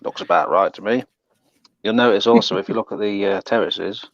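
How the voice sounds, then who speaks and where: Deadpan low-voiced man on a muffled line. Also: brisk, no room sound. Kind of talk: casual chat.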